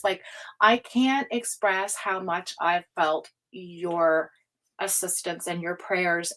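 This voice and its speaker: A woman's voice: medium pitch, takes it slowly. A woman hosting a tarot livestream, chatting casually with viewers in an emotional, rambling way, laughing often. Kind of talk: casual chat reading live comments.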